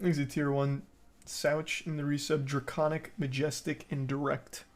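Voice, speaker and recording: A man's voice: on the high side, little pitch movement, normal speed. A man streaming, casually recapping a movie and chatting with viewers in a rambling, joking way. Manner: rambling recap with crude jokes. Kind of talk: casual chat.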